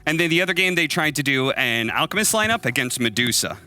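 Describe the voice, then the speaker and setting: A man giving chatty, animated analysis on a live esports desk, laughing easily. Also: fairly high pitch, quick pace, soft background music.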